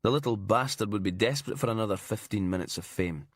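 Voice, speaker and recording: A man with a low voice reads a crime thriller audiobook in a measured, grim tone. The sound is close and dry, with no room around it. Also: no echo. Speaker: audiobook narrator. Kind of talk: scripted narration.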